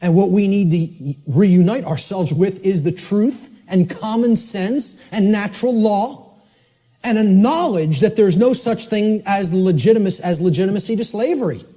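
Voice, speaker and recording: A man giving a forceful, emphatic lecture, often checking in with "okay?" and spelling words out letter by letter. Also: high-pitched, normal speed.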